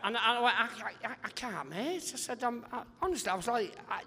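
A male comedian guest on a live podcast interview, telling rambling, animated anecdotes and acting out other people's voices. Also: very high-pitched, brisk, in a large hall.

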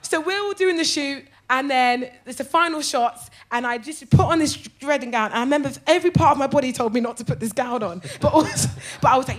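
A woman comedian telling a story as a podcast guest, lively and theatrical, laughing often and swearing freely. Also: high voice, fast talker, few pauses.

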